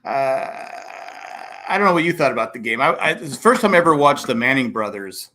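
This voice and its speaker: A man hosting a casual sports podcast, talking fast and acting out coaches' and fans' reactions. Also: mid-range voice, slight background noise. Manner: animated, acts out coaches and fans with exclamations. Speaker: podcast host.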